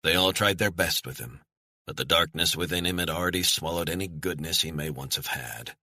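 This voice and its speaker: A man narrating a thriller audiobook in a measured, steady storytelling manner, on a close studio mic. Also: low voice, no room sound.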